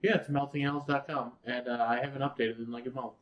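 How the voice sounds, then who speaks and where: A man's voice: medium pitch, little pitch movement, fast, lo-fi sound. A young man co-hosting a podcast, firing off incredulous, swearing questions in a casual chat. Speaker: podcast co-host. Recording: roomy echo.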